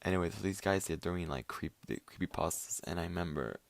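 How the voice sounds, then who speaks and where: Low-voiced young man rambling. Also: quick pace, creaky, no echo. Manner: profane, rambling, full of fillers and restarts. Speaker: vlogger. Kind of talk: rambling casual monologue. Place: at home late at night.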